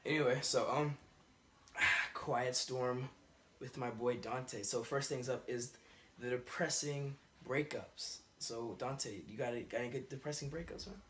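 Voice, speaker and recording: A man's voice: mid-range voice, measured pace, fairly bright tone, a little hiss or hum. A young man hosting a casual chat, joking in slang and saying bro a lot. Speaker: host.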